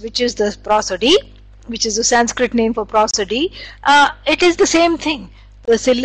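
A woman teaches in a relaxed, rambling lecture, full of "you know" and restarts. Her voice sits high, and the recording is dry and close, with little room sound. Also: no echo, rough recording. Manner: meandering, conversational, many fillers and restarts. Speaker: Vedanta teacher. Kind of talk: spiritual lecture.

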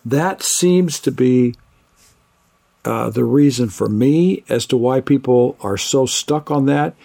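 An older man, a biblical scholar, giving measured conversational answers as an interview guest and listing terms one by one. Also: medium pitch, creaky, warm tone.

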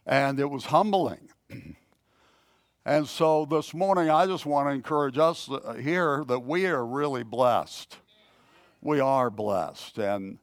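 A man preaching a sermon in a slow, halting, conversational way, clearing his throat often and telling a self-deprecating story. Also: medium pitch, expressive, no echo, clean studio sound. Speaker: pastor.

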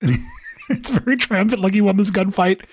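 A man's voice: high-pitched, brisk, husky. A man co-hosting a podcast in casual chat, telling things in a wry, laid-back way. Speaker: podcast co-host.

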